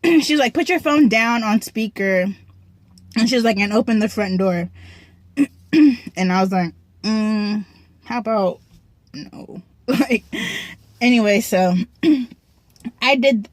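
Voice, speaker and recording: A young woman vlogger telling a story in a casual, profane, slangy way, often clearing her throat, from a parked car. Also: medium pitch, no echo.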